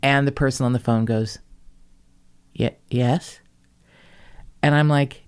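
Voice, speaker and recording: A woman's voice: rumbling low, fairly even intonation, slow, long pauses, darkish tone, clear, resonant tone. A woman hosting a casual podcast, telling stories in a profane, self-mocking way and acting out the people she quotes. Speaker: podcast host.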